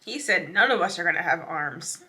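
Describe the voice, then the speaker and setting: A young woman hosting a reaction video, chatting sardonically with quick asides. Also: fairly low pitch, expressive, noisy background. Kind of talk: casual commentary.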